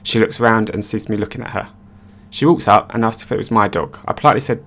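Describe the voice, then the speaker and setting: A man giving scripted narration of online stories in a brisk, matter-of-fact reading voice. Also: lowish voice, steady tone, fairly bright tone.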